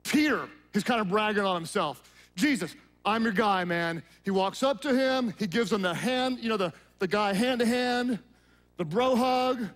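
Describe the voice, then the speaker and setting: A male pastor preaching a sermon, acting out Bible scenes in voices and dropping to a low hush at solemn moments. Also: normal speed.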